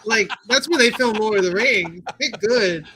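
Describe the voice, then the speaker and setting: A woman's voice: medium pitch, animated, normal speed, a crowd in the background. A woman guest on a casual interview stream, sarcastic and teasing, swearing freely.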